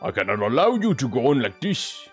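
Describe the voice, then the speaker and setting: A man's voice: medium pitch, sing-song, brisk, slightly rough, soft background music. A man voicing a stern old male judge who passes harsh verdicts, in a game read-along.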